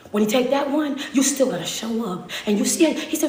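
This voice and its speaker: A woman's voice: fairly high pitch, animated, brisk, few pauses, a little mellow, echoey room, slight background noise. A woman motivational speaker preaching a sermon, emphatic, often checking in with her listeners. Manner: emphatic, repeats "understand me?" to the audience.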